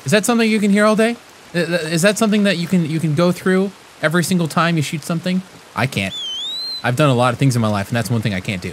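A man giving comedic gameplay commentary as a YouTuber, goofing around and yelling playful threats at other players. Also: on the high side, animated, fast talker, a little hiss or hum. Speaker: gaming YouTuber.

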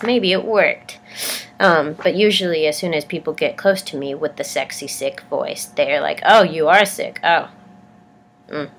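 Sounding stuffed up and unwell, this young adult woman talks in a lowish voice with a fairly bright tone. Her casual vlog chatter wanders and stumbles, full of self-deprecating jokes.

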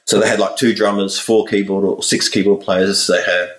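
A man's voice: low-pitched, normal speed. Man telling a story, roomy sound. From Australia. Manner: animated storyteller, acts out voices in his anecdotes. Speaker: guest musician. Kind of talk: casual interview storytelling. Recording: roomy echo, a little far from the mic.

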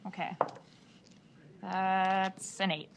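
A woman playing a tabletop game, who talks in a halting, giggly way with lots of fillers. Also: mid-range voice, little pitch movement, gravelly, a little hiss or hum. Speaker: player. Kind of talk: casual tabletop play.

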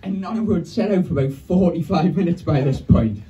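A male stand-up comedian, telling a story on a club stage with a punchy, animated delivery. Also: fairly high pitch, brisk, lo-fi sound, very noisy. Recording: distant live club sound with audience.

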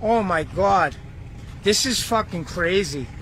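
High-pitched, excited swearing man on a boat. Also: slow. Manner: excited, swearing constantly, repeated exclamations. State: shaky with excitement. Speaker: fisherman filming his catch. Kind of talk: excited vlog commentary. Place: on a boat out on open water. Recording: outdoor boat and water noise.

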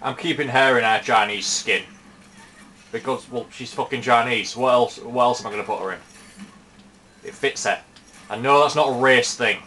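A man talks over his gameplay in a loose, chatty way, swearing freely and taunting the enemy players. His voice sits at an ordinary middle pitch. Faint room noise hums behind him. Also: moderate pace, pauses often, pushed and bright. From Britain. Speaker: gaming commentator. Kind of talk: casual gameplay commentary.

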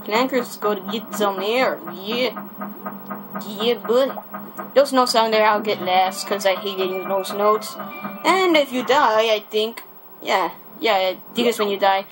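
A man's voice: sits high, background noise. A young man giving casual, rambling commentary as he plays a video game, repeating himself and cursing mildly when things go wrong. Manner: chatty, rambling, restarts often, quick mild cursing. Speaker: let's play gamer. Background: game music.

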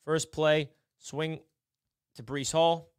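A man with a slightly high, smooth voice talks through football film in a casual, excitable way. He drops to low mutters, then jumps up to shouts. The sound is dry and close. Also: slow pace, no room sound. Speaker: sports film breakdown host.

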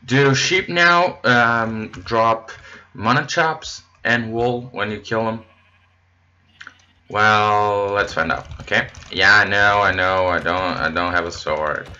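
A man giving casual, rambling gameplay commentary as host of his channel, easily excited and chatting to his viewers. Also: sits low, lo-fi sound, a little hiss or hum.

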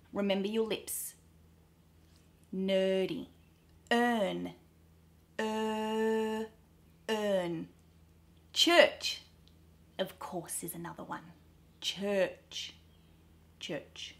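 A young Australian woman teaching pronunciation, drawing out vowel sounds slowly and clearly as she demonstrates them. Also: medium pitch, fairly bright tone. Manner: slow, drawn-out demonstration of sounds. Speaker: accent coach. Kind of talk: pronunciation lesson to camera.

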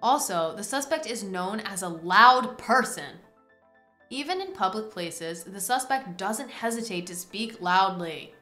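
A woman's voice: medium pitch, expressive. Playful female streamer, theatrical judge energy, roomy room sound with faint music. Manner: theatrical, quick swings into loud exclamations. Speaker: streamer playing a courtroom judge game. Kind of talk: playful gaming commentary.

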